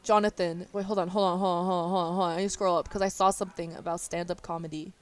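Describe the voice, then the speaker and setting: A woman's voice: lowish voice, level tone, racing, faint music behind. A young woman livestreamer chatting casually, telling stories with frequent laughter, fillers, and restarts. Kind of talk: casual chat storytelling.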